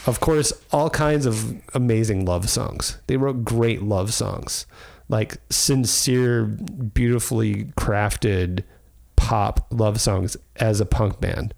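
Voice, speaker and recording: Gravelly man in casual chat. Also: on the low side, takes it slowly, darkish tone. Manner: rambling and enthusiastic, with frequent fillers. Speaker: podcast host.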